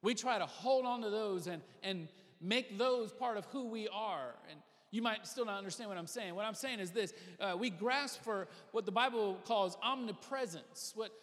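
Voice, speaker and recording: A man's voice: high-pitched, normal speed, hardly any pauses, fairly bright tone. A man preaching a sermon as pastor, speaking conversationally and repeating phrases for emphasis. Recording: reverberant hall.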